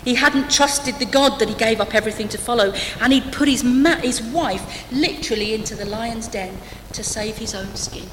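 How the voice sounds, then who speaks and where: A woman's voice: medium pitch, noisy background. A woman preaching a sermon to her church, conversational and humorous, with dry asides. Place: church hall. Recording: echoey church hall, faint ambience.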